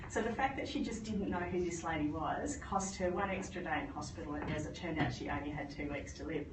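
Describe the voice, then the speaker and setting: A woman, a palliative care doctor, giving a lively conference talk and telling stories. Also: low-pitched, brisk. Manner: lively anecdotal storytelling. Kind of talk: conference presentation. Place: conference hall. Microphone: phone recording from the audience. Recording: echoey hall from far off, noisy.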